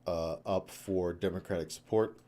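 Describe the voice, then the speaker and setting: Young male streamer, low mellow voice, rambling and profane casual chat. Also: steady tone, moderate pace. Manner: rambling, swears a lot, laughs often. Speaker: live streamer. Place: home room.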